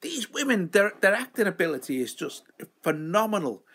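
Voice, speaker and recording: A man's voice: sits high, very animated, brisk, a bit bright, husky. A man hosting a live show, chatting in a rambling, self-mocking way. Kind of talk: casual live-stream chat.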